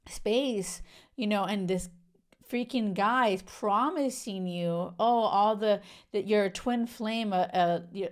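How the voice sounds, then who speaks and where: A young woman hosting a solo podcast, talking in a casual, emphatic and outraged way, full of "like" and "you know". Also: mid-range voice. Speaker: podcast host.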